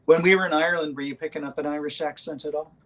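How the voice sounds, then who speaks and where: A man in a band, talking casually in an interview, rambling with many pauses and fillers. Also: on the high side, steady tone, fairly bright tone, rough recording. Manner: rambling, hesitant with many ums. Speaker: band member.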